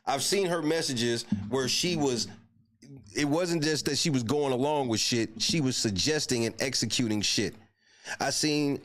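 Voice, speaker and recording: A man hosting a livestream, giving blunt, profane casual commentary. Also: mid-range voice. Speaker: livestream host.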